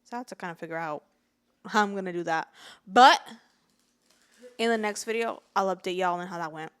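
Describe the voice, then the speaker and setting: A woman's voice: fairly low pitch, fairly quick, clear, resonant tone. A young woman co-hosting a casual podcast, chatting playfully and joking with her co-host. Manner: playful, joking, laughs often. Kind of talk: casual chat.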